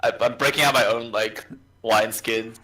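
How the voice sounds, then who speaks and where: A man joining a tabletop game as a player, with a sharp, forceful tone. He mid-range in pitch and drops crude jokes from the side. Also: fairly even intonation, moderate pace, slight background noise, rough recording. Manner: crude, joking asides.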